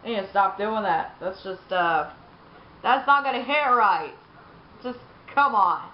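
A woman's voice: medium pitch, expressive, a little slow. A woman giving casual, rambling commentary over her gameplay, joking at her own expense. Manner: rambling, self-deprecating, laughs at own jokes. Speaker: gaming video creator. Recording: roomy, muffled, faint noise.

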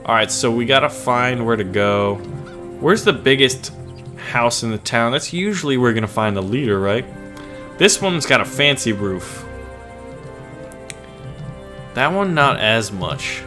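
A man with a slightly scratchy, mid-pitched voice gives loose, joking let's-play commentary. He riffs casually and throws in silly asides. Faint game music sits low underneath. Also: expressive, moderate pace, sharp tone. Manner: playful, jokey, casual. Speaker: gaming channel host.

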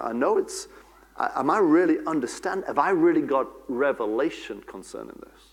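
A man's voice: fairly high pitch, lively intonation, normal speed, gravelly. A man preaching a church sermon as pastor, repeating key phrases and breaking into fervent prayer and declarations. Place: church service.

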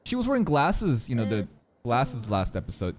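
A man hosting an anime reaction channel, talking casually and excitably, with loud outbursts, laughter and casual swearing. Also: medium pitch, moderate pace. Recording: music playing in the background. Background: music under the voice.

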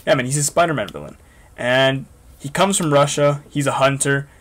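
A young man hosting a reaction video, excitable and swearing often in casual commentary. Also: medium pitch, normal speed, a little hiss or hum.

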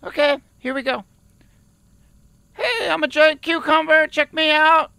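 An actor playing a nervous young male auditioner reading timid, halting lines. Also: very high voice, gravelly, sharp tone, no echo, heavily acted. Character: nervous young man auditioner named Terry.

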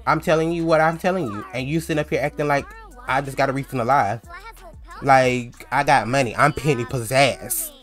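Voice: medium pitch, fairly even intonation, a little fast, close to an everyday voice. A man voicing a brash, wealthy young woman in a life-sim story who mocks and boasts. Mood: boastful. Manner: boastful, mocking, loud. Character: brash rich young woman who flaunts her money.

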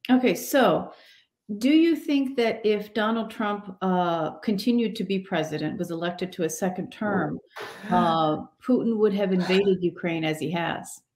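A woman's voice: medium pitch, measured pace, darkish tone, echoey room, slight background noise. A woman interview host who sums up points and asks follow-ups, with hesitant fillers. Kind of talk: interview questions.

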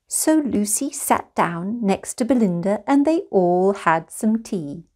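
Slow gentle woman reading a picture book. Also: mid-range voice, lively intonation. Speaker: storyteller.

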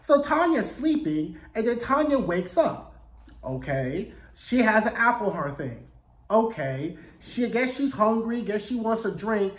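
Brief: high-pitched man, sassy profane TV recap vlogger, echoey room sound. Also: very animated, measured pace. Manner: sassy, profane, acts out quotes in voices. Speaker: TV episode recapper. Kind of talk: casual TV recap commentary.

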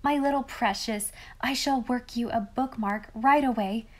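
A woman's voice: a little high, measured pace. A woman voicing an affectionate young girl who dotes on a little child. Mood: doting. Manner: doting, gushing.

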